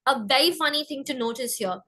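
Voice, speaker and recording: A woman teaching French pronunciation, saying example words slowly so learners can repeat after her. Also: high voice, animated, sharp tone, poor audio. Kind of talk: pronunciation lesson.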